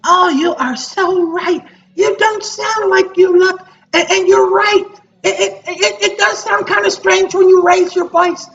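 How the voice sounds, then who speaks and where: Sassy shrill lady brushing him off, stammery, a guy doing the voice, muffled audio with faint music. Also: fairly even intonation, a little slow, creaky, few pauses, fairly bright tone, exaggerated voice. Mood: agreeing. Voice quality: stammering, dismissive.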